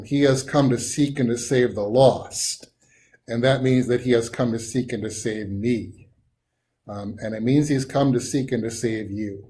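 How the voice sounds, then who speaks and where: Man, Bible study teacher, conversational, mid pitch, loose with fillers and restarts. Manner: relaxed, thinks aloud with frequent ums and restarts.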